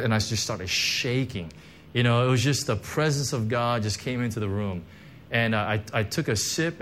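A pastor of Korean heritage with a church background gives a sermon built around his personal testimony, conversational and emotional, with many fillers and restarts. His voice is mid-range, with a little hiss or hum in the recording.

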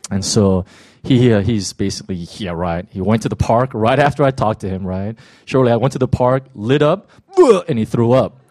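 A man's voice: medium pitch, a little fast, a little mellow, dry recording, clean studio sound. An older man, a pastor, telling a story casually to his congregation before handing over the pulpit. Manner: casual storytelling with many fillers. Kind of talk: church announcement.

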